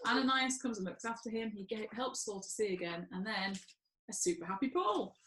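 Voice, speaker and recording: A woman leading an online children's church session, talking gently and playfully to small children while doing crafts and telling a story. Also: mid-range voice, expressive, fairly quick, rough recording. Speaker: children's church group leader.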